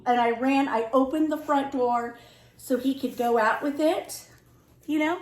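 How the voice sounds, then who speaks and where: A middle-aged woman vlogging from home, telling a story in a lively casual way and acting out the dialogue. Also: high-pitched, measured pace. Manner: animated, acts out both sides of the story. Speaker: lifestyle vlogger. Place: home room. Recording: echoey room.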